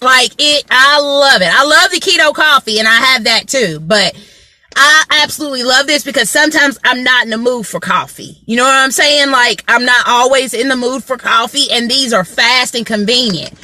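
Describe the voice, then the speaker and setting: A woman's bright, forceful voice sits high and moves at a moderate pace, with no room sound. She's a motivational vlogger sharing a story in casual chat with viewers, greeting them by name and frequently asking "you know what I'm saying."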